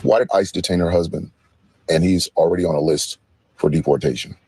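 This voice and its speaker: A man with a low voice mocks the news, breaking into sing-song impressions of quotes. He keeps a casual, joking manner. The recording is dry and close. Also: steady tone, fairly quick, a little mellow, breathy edge, no echo. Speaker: commentator. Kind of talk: casual commentary.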